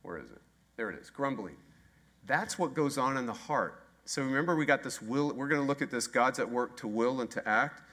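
A male pastor delivering a sermon with a bright, forceful tone. He drives his points home with repeated phrases and rhetorical questions, swinging between quiet asides and rising intensity. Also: mid-range voice, animated, fairly quick. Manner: emphatic, repetitive rhetorical questions.

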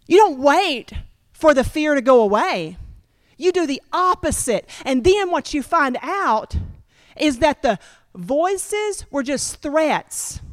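A woman preaching a sermon, talking straight to her congregation with lively repetition. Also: high-pitched, slow, no room sound, clean studio sound. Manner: animated, repetitive, addresses congregation directly.

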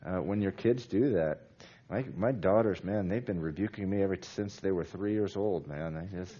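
A man's voice: fairly low pitch, darkish tone, muffled recording. A man preaching a sermon in a conversational way, with many fillers and restarts, growing emphatic as he goes. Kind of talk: sermon on a Bible passage.

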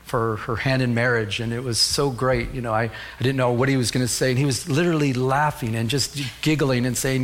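A man's voice: mid-range voice, fairly quick, few pauses, fairly bright tone. A middle-aged man preaching a sermon as pastor, telling a personal story and rising to fervent calls to the congregation.

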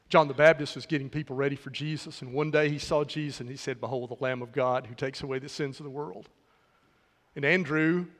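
High-voiced man preaching in a reverberant hall. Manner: preaching with dramatic pauses and shifts between loud and soft. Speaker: pastor. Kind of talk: sermon.

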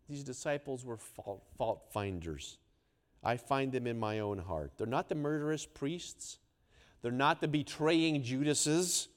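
A man preaching a sermon, swinging between hushed, quiet lines and loud, emphatic ones. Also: on the high side. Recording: long hall reverb.

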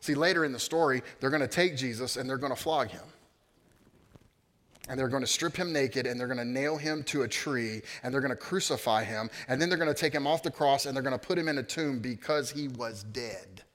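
A man preaching a sermon, building to loud emphatic peaks and then dropping to a near hush. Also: medium pitch, brisk. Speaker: pastor.

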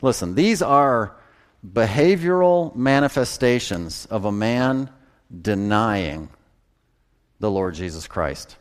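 Animated preacher man. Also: lowish voice, slow, clean tone. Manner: animated, folksy, chuckles at own jokes. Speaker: pastor. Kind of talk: sermon.

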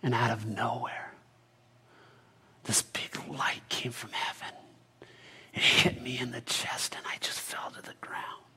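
Guy doing a slow first-person bible story, super breathy, whispers a lot. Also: medium pitch, flat delivery. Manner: often drops to a hushed whisper.

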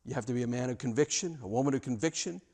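A man's voice: mid-range voice, very fast, mellow. A man preaching a sermon in a church, speaking earnestly with frequent stammered restarts. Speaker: pastor.

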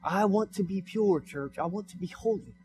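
A young American pastor preaches a sermon in a church sanctuary, repeating his points with mounting emphasis. His voice sits high yet has a dark tone, at a moderate pace, with faint music behind him.

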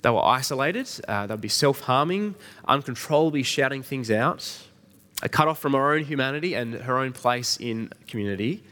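A man's voice: medium pitch, expressive, moderate pace, sharp tone. A middle-aged man preaching an Easter sermon in a conversational way, asking the congregation questions. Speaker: pastor.

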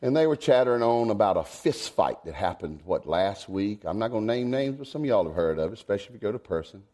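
A man, preaching a folksy sermon. He swings from low asides to high, emphatic exclamations. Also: lively intonation, fast, a little mellow. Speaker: pastor.

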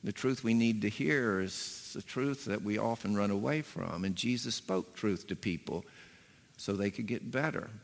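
A man's voice: fairly low pitch, moderate pace, creaky. A man preaching a sermon as a pastor, telling stories and acting out voices with punchy emphasis. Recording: long hall reverb.

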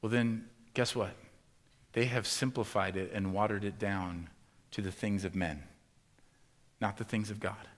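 A man preaching a sermon, acting out frustrated questions in a raised, animated voice and then turning quiet and earnest. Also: fairly low pitch, unhurried, pauses often. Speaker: pastor.

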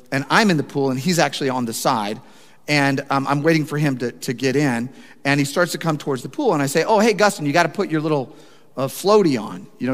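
Animated high-voiced preacher in a reverberant hall. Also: male voice. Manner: animated storytelling with rising emphasis. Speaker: pastor. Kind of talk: sermon.

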